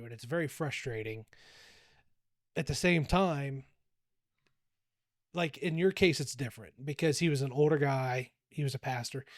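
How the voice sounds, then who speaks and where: A man's voice: medium pitch, no room sound, studio quality. A man around forty telling a story in casual podcast chat, acting out what he said to people. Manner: animated storytelling, acts out quoted exchanges. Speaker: podcast co-host, former youth coach.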